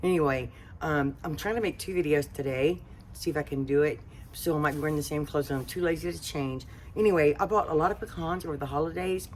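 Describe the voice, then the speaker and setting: A Southern woman with a notably low voice talks casually to her cooking channel viewers. She rambles and drifts between thoughts, with plenty of "uh" and "anyway". A faint hum sits in the background. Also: fast talker. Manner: chatty, rambling, many fillers. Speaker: home cooking channel host. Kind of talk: casual talk to camera.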